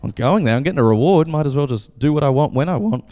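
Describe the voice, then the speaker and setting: A man preaching a casual, animated sermon as pastor, acting out voices when he tells a story. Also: a little high, fast talker, long reverb tail. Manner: animated, acts out voices in anecdotes. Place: church.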